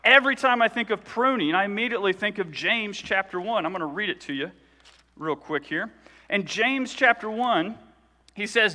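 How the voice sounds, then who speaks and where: A man's voice: sits high, normal speed, bright, forceful tone, big-room sound. A man preaching a sermon in a church, talking conversationally and asking the congregation questions. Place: church sanctuary.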